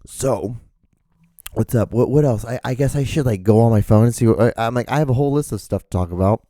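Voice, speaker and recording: Speaking quickly in a dark, mid-range voice, the man is recorded in studio quality without any room sound. He hosts a casual podcast alone, rambling, cursing, and making fun of himself, mic in front of him and earphones on, as rain falls outside.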